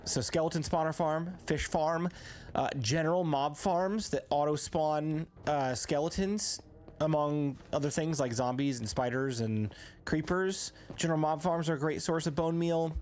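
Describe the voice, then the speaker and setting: A man with a fairly high, darkish voice streams a game live, speaking at an unhurried pace. He chats casually as he plays, reading viewers' messages aloud and answering them.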